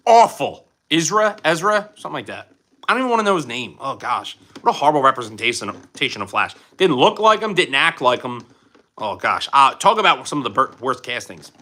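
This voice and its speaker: A man's voice: mid-range voice, sing-song, fairly quick, sharp tone. A young man hosting a casual live stream from his home, joking as he answers chat questions.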